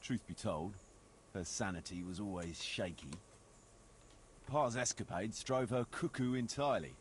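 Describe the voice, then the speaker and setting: An actor playing a bitter, blunt noble knight in a video game, speaking in a wry, sardonic way. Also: male voice, fairly low pitch, unhurried, a little hiss or hum, close to an everyday voice.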